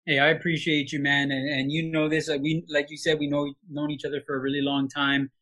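Heartfelt man from Hawaii, higher voice. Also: completely flat delivery, fairly quick, bright, forceful tone. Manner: heartfelt storytelling with many restarts. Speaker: sportscaster guest. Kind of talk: casual podcast interview.

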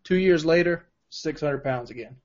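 A man's voice: a little high, normal speed, darkish tone, lo-fi sound. A man hosting a casual podcast, asking questions in a teasing, joking way. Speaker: podcast host.

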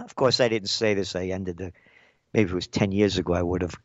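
A man's voice: low-pitched, fairly even intonation, quick pace, dry recording. An older man giving an angry, sarcastic political rant as a commentator, punchy and blunt, in a dull, dry recording.

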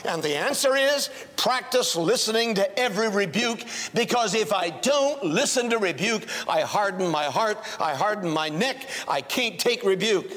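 An older male pastor preaching a sermon to a congregation, telling a personal story and acting out the dialogue, swinging from hushed tones to shouting. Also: sits high, lively intonation, moderate pace, few pauses. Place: church, before a congregation.

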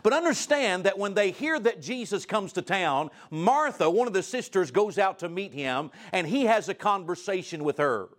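A man's voice: animated, moderate pace, hardly any pauses. Man preaching an impassioned sermon. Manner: impassioned preaching with big swings in pitch and loudness; reads scripture aloud in old-style wording. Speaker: guest preacher.

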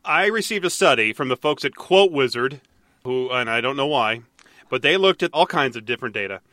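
Bright-voiced podcast host. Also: male voice, medium pitch, lively intonation, fairly quick, no room sound, clean studio sound. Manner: easygoing, chuckles between remarks. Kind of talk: casual podcast chat.

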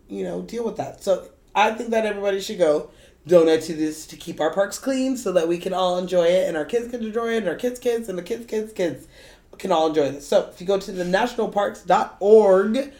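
A woman co-hosting a casual podcast, cursing freely and joking. Her voice sits at a middle pitch and carries a roomy echo. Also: normal speed, dark tone. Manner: profane, laughing, jokey. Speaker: podcast co-host. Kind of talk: casual chat. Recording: echoey room.

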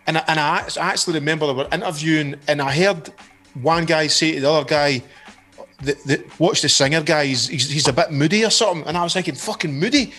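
A man, a band's singer, telling a story in casual chat, animated and full of swearing. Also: a little high, fast talker, faint music behind. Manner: animated, swears a lot, acts out quotes. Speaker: band singer.

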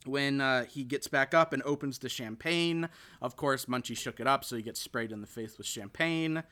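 A man's voice: medium pitch, normal speed, pushed and bright. A man hosting a casual podcast chat, recapping a film in a rambling way with lots of fillers and restarts. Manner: rambling, full of fillers and restarts, quotes characters. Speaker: podcast host.

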